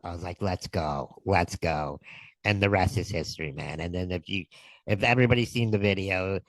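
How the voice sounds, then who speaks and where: Casting: low-pitched man, guest, animated storyteller, dry close sound. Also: normal speed, no room sound, low-quality recording. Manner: excited, animated retelling with quoted dialogue. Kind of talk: casual storytelling.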